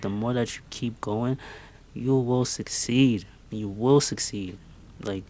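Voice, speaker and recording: A man's voice: fairly low pitch, a little mellow. A man in his twenties giving an earnest, emphatic motivational monologue with lots of repetition. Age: 20s. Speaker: podcast host.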